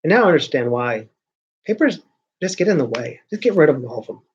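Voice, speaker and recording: A man's voice: fairly high pitch, sing-song, fast talker, a little hiss or hum. Rambling man chatting on a lo-fi stream. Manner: rambling, with frequent restarts and trailing off. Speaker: vlogger host. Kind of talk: casual livestream chat.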